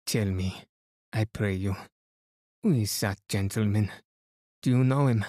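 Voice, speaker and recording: A man's voice: lowish voice, a little slow, warm tone, dry recording, clean studio sound. A man voicing a fussy middle-aged Belgian detective who speaks precisely and slips in French phrases, read as a bedtime story.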